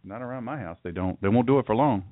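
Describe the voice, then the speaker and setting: Speaking fast in a mid-range voice, this radio show host mocks his targets in an opinionated, sarcastic monologue, putting on caricature voices along the way. The sound is dry and phone-like, typical of radio.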